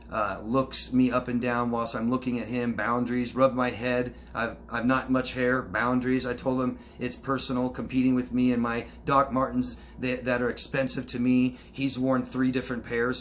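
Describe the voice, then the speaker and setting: Male life coach, mid-pitched, casual solo Q&A, faint hiss behind. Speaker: life coach answering viewer questions. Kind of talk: casual solo Q&A, reading out comments.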